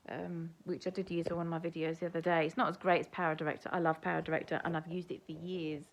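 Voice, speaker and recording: A woman's voice: lowish voice, little pitch movement, fast. An older woman with an English accent, rambling chattily to camera in a casual home vlog. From England. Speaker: vlogger. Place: at home, indoors.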